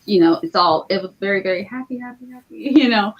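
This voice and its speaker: A woman co-hosts a casual book club podcast, chatting loosely and quickly in a mid-range voice with frequent fillers. Crowd noise is audible, and the audio is slightly dull and lo-fi.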